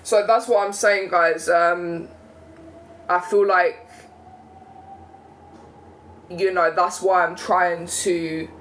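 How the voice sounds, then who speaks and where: A man's voice: sits high, steady tone, extremely slow, long pauses, fairly bright tone, low-quality recording. A young man from England talking to camera in a casual, indignant rant, often tagging lines with "yeah?" and "right?". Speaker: vlogger.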